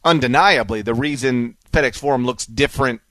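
A man hosting a sports talk radio show, animated and teasing, running through the rundown and arguing playfully. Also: mid-range voice, a little fast, dry recording. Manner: animated, teasing, mock-outraged.

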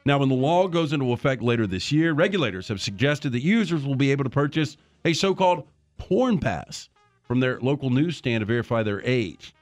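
A man's voice: medium pitch, animated, no room sound, faint music behind. A man hosting a radio show, reading odd news stories and then joking about them with his co-hosts. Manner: reads stories briskly, then jokes around.

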